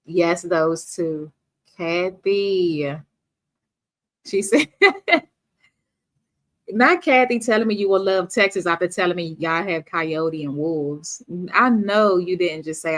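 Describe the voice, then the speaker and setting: A woman from D.C. hosting a casual livestream, chatting with viewers and reading their comments aloud. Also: on the low side. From Washington, D.C.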